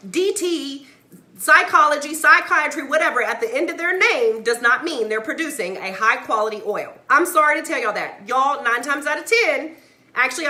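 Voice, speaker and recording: A woman's voice: sits high, bright, forceful tone. A woman ranting emphatically on a live stream, addressing viewers as y'all and checking in with "right?" and "okay?". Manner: fired-up, emphatic, keeps asking "right?" and "okay?". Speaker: mother; CBD oil seller vlogger. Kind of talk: live-stream rant to viewers, reading comments. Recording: echoey room.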